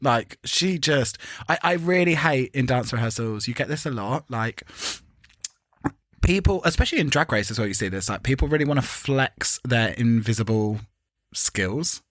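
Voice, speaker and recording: A British man co-hosting a chatty podcast, camp and sarcastic, with quick bursts of mimicry. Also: medium pitch, expressive, a bit bright, no echo, studio quality. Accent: British English. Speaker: podcast co-host. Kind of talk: casual chat.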